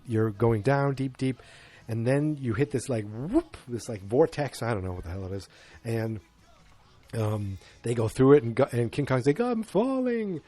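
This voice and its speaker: With a warm, mid-range voice, a male podcaster rambles through a film's story in a casual recap. Sarcastic quips and self-deprecating admissions of what he doesn't understand pepper his account.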